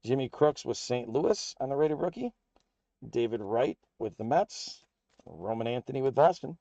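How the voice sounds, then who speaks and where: A man with an American accent hosts a live card break and rattles off the player and team for each pull in an upbeat, running patter. His voice is mellow and a little dull in tone. It sounds close and dry, with no room around it. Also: medium pitch, very animated, normal speed, no echo.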